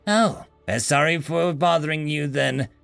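A man voicing a deadpan, overly literal male alien captain with a nasal, formal way of speaking. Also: fairly high pitch, measured pace, creaky, smooth, faint music behind. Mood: literal, polite.

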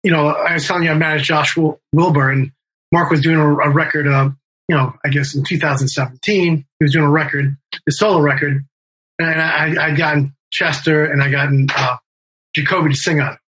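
A middle-aged man tells a story in casual interview talk, circling back with fillers and restarts and swearing freely. His voice is bright and slightly raised in pitch, with a husky edge. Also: fairly even intonation, fairly quick, rough recording. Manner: rambling, many fillers and restarts, swears, acts out quotes. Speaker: guest, band member and music manager.

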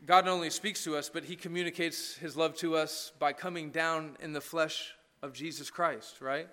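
A man's voice: a little high, fairly even intonation, moderate pace, sharp tone, big-room sound. A man preaching a sermon as pastor, talking conversationally and tossing in frequent "right?" asides. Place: church.

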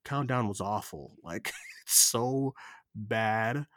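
A man co-hosting a film podcast in casual chat, animated and swearing, acting out movie lines between bursts of laughter. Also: on the low side, takes it slowly, no room sound, studio quality. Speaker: podcast co-host.

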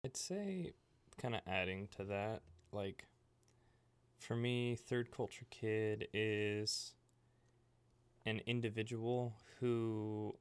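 Podcast guy rambling thru a story, lots of likes, bright tone, dry close sound. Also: lowish voice, clean tone, dry recording. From Libya. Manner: filler-heavy, animated, laughing while telling stories. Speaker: podcast co-host. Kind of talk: casual storytelling chat.

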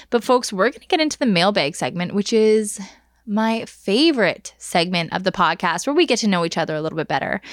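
A woman in her thirties hosting a podcast, telling a story in a chatty, animated way and asking listeners for their opinions. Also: medium pitch, dry recording, studio quality. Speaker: podcast host. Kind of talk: casual storytelling monologue.

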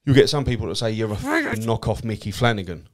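A man's voice: fairly low pitch, fast talker. A man with an Essex accent, a cab driver and comedian, telling anecdotes in casual chat and swearing freely. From Essex, England. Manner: swears freely, acts out quoted people in a lively way.

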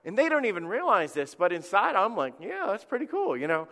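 Middle-aged male pastor, high voice, chatty animated sermon delivery, church reverb. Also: a little fast. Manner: conversational, animated storytelling with acted quotes. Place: church sanctuary. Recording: long reverb of a church hall.

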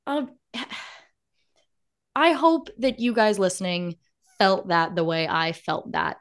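A woman's voice: medium pitch, big pitch swings, takes it slowly, long pauses. A woman hosting a podcast in casual chat over a remote call, effusive and emotional and laughing often. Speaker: podcast host.

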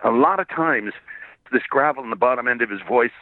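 A man from Canada, slightly hoarse, telling rambling stories as a guest voice actor, laughing often and acting out quoted voices. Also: medium pitch, lively intonation, fairly quick, no room sound. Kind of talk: casual interview storytelling. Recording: tinny phone line.

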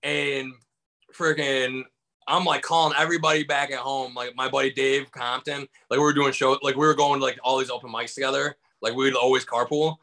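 A comedian from Michigan, USA, is a guest in a casual storytelling interview over a video call, rambling loosely with lots of fillers and acting out quotes. His mid-range voice is fairly quick and sharp, with little pitch movement. The audio is poor.

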